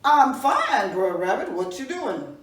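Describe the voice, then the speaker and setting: A woman voicing a hardworking male farmer in a folk tale, giving folksy, brisk instructions. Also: on the high side, huge pitch swings. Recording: roomy echo from a distance, faint room noise.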